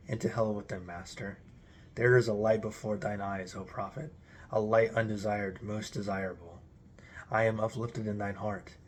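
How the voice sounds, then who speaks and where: A man's voice: on the low side, a little hiss or hum. A man giving a solemn, declamatory recitation of an archaic religious text in an intoned delivery. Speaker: reader.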